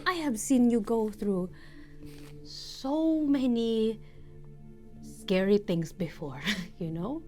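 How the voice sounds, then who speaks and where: A woman voicing a warm motherly caregiver with a put-on foreign accent, coaxing and gently whispery in a tabletop role-play. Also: on the high side, slow, long pauses, faint music behind. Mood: soothing. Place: studio.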